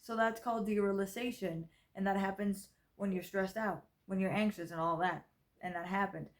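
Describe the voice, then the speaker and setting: A woman's voice: medium pitch, steady tone, moderate pace. Tired rambling young woman vlogging. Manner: rambling, filler-heavy, self-correcting. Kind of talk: casual personal vlog. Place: grandmother's house.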